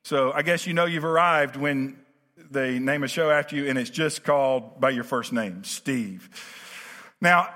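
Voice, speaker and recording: A pastor preaching a conversational sermon, full of fillers and restarts, that builds to emphatic preaching. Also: male voice, mid-range voice, unhurried, pushed and bright. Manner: rising to emphatic preaching cadence. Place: church sanctuary. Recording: reverberant church sanctuary.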